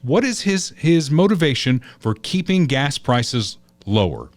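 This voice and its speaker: A man's voice: fairly high pitch, big pitch swings, unhurried, dry recording. A man hosting a political talk podcast, chatty and opinionated, telling stories as he goes. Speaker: podcast host.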